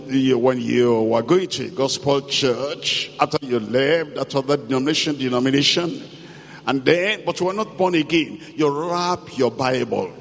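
A man preaching a sermon, slow and emphatic, repeating key phrases and reading scripture aloud. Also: mid-range voice. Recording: long hall reverb.

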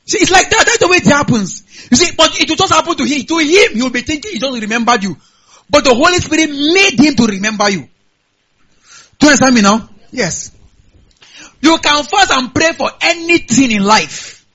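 High-pitched Nigerian pastor preaching. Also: male voice, normal speed. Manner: animated preaching, frequent hallelujahs. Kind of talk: sermon.

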